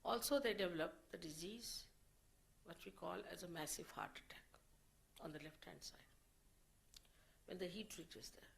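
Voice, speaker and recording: A woman speaking as a spiritual teacher, giving an unscripted lecture in a slow, measured way and often repeating her phrases. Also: lowish voice, gravelly, rough recording.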